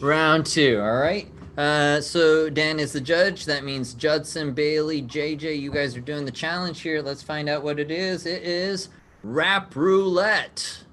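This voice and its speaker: A man's voice: fairly high pitch, steady tone, a little slow, few pauses, a bit bright, a little hiss or hum. A man hosting an online improv game over a video call, explaining the rules in an upbeat way and laughing often. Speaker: game show host.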